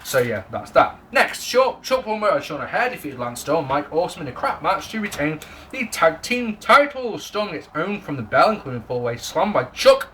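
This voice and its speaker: A man's voice: a little high, sing-song, normal speed, bright, forceful tone, a little hiss or hum. A young man giving a casual, jokey, sweary spoken wrestling review to camera.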